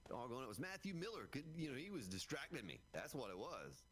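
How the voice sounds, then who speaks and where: A middle-aged man chats through a game stream in a folksy, joking way, often addressing his viewers as folks. His pitch swings freely up and down as he talks. A faint hum of room noise sits behind him. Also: huge pitch swings, fast, fairly bright tone. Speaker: streamer playing a survival game. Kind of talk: casual live-stream chat.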